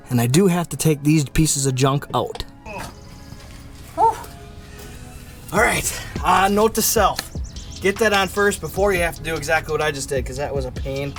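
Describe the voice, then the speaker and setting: A man talking casually through a step-by-step truck install, explaining each part as he works. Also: a little high. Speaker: DIY car vlogger. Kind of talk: casual how-to vlog. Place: garage or driveway by a truck. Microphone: action camera mic.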